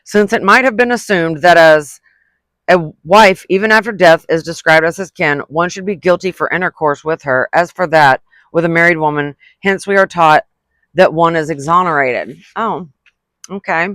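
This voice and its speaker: A vlogger reading a letter aloud, pausing to add indignant asides and stumbling over unfamiliar words before retrying them. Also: medium pitch, fairly bright tone, dry recording. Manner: reads quoted passages, then breaks off into indignant asides.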